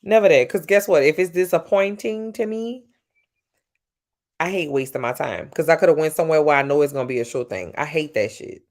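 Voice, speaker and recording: A woman from Louisiana with a Southern accent, chatting casually with viewers on a livestream, swearing freely and jumping up and down in pitch. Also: animated, a little fast, a little mellow. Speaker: livestream host.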